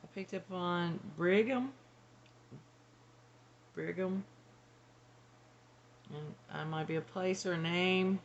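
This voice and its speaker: A woman's voice: on the low side, slow pace, long pauses, dull audio, a little hiss or hum. A woman working as a psychic medium, relaying channeled messages in a hesitant, tentative way. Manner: hesitant, tentative, laughs between.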